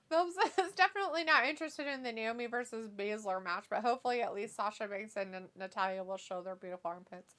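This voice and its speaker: A woman's voice: fairly high pitch, fairly quick, pushed and bright. A woman co-hosting a casual livestream watch-along, reading viewer comments aloud with frequent giggles.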